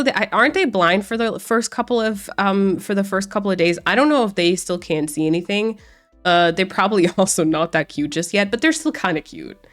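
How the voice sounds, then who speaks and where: A woman streamer chatting casually with her viewers, sounding congested and nasal from a cold and rambling with frequent restarts. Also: medium pitch. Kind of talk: casual livestream chat with viewers. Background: faint background music.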